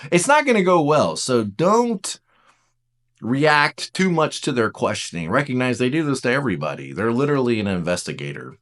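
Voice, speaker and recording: Animated man giving a jokey lecture. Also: medium pitch, moderate pace. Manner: animated, jokey, acts out voices. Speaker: teacher. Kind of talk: casual lecture.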